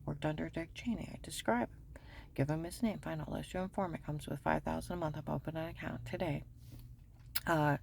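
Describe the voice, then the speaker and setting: Woman, low and gravelly, talking urgently to camera, slipping into whispers. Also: steady tone, fairly quick, a little hiss or hum. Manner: rambling, urgent, often drops to a whisper. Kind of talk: personal account to camera.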